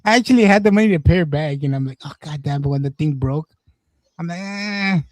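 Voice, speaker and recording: A man's voice: fairly high pitch, expressive, quick pace, a little mellow, dry recording. A man hosting a livestream, chatting loosely and swearing, laughing through his stories. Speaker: livestream host. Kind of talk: casual stream chat.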